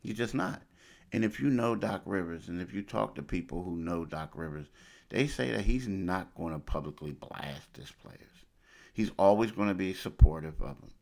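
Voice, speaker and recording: A man with a deep voice and a gravelly edge talks sports as a show host. He speaks casually and addresses listeners as y'all. He often circles back and repeats points for emphasis. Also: lively intonation, moderate pace. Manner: conversational, repeats himself, uses y'all. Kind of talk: casual sports talk monologue.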